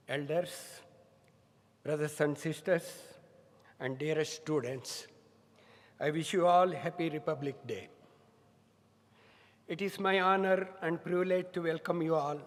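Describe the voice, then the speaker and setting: Guy giving a formal welcome speech in a big echoey hall, kinda high voice. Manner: measured, formal, with honorifics and occasional restarts. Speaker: medical college director giving a welcome speech. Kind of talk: formal ceremonial address. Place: large hall. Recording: long hall reverb.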